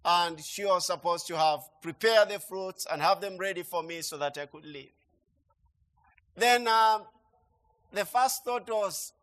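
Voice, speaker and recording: A man preaching a sermon, emphatic and repetitive, swinging between quiet asides and loud declarations. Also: high-pitched, unhurried.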